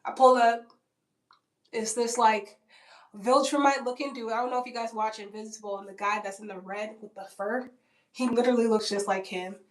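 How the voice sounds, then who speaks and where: This vlogger, a woman in her twenties, has a fairly high pitch and fairly even intonation and talks at a normal speed. Blunt and casual, she tells her story with frequent "like," filler words and swearing, recorded roomily at a distance from the mic.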